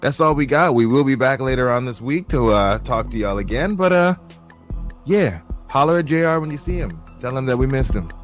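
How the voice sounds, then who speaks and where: A man hosting a sports podcast, teasing his co-host and talking in an animated, casual way. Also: medium pitch, brisk, soft background music. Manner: teasing, animated, signs off the show.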